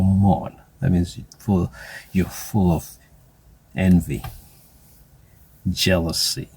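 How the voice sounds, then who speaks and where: Slow, gravelly, deep man. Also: a little mellow. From South Africa. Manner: slow, deliberate, with drawn-out mocking asides. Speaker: commentator. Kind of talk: spoken social commentary monologue.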